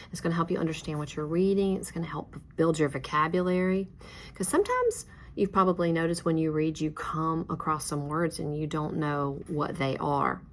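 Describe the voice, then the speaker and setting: Low-voiced woman teaching a reading lesson. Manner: encouraging, patient, praises answers. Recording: faint background noise.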